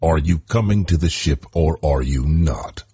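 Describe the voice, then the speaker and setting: A man's voice: rumbling low, measured pace, mellow, husky, dry recording, heavily acted. A man reading the part of a courteous, stiffly formal army colonel.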